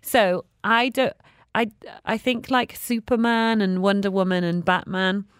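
A woman's voice: mid-range voice, steady tone, measured pace, clean tone, dry recording, studio quality. A woman co-presenting a radio show, chatting in a self-deprecating, hesitant way. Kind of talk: casual radio chat.

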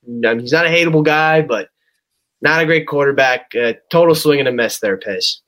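A young man co-hosting a podcast, telling a rambling, animated story in casual chat. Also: on the high side, moderate pace. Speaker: podcast co-host.

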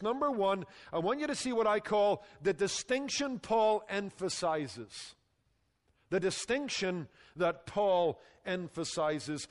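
A male pastor preaching a sermon with emphatic delivery that drops low and quiet on key phrases. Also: long reverb tail.

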